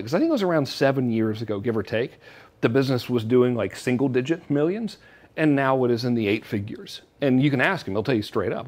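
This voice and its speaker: A man's voice: medium pitch, fairly quick, darkish tone. A man giving a joking, salesy marketing talk straight to camera. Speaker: online marketing presenter.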